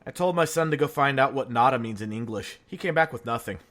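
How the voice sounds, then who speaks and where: Lively, bright-voiced man telling jokes. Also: mid-range voice, fast. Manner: laughs at his own jokes, animated storyteller. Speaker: podcast host. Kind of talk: casual joke-telling chat.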